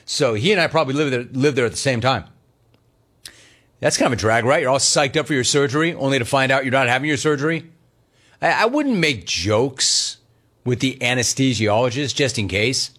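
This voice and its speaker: A man's voice: medium pitch, lively intonation, a little fast, a bit bright. A middle-aged man hosting a radio call-in show, teasing callers and riffing on their words. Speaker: sports radio host.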